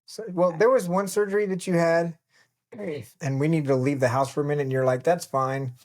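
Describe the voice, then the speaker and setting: A man's voice: fairly high pitch, level tone, fairly quick, darkish tone. A middle-aged man co-hosting a podcast, prompting his wife with questions and filling in her stories. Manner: prompting, finishes his wife's sentences. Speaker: podcast co-host. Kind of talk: casual chat.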